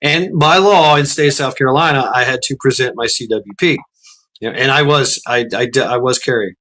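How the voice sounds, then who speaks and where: A man's voice: medium pitch, a little fast, bright, forceful tone. A man, telling a story in a profane, rambling way and often repeating words. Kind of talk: casual storytelling.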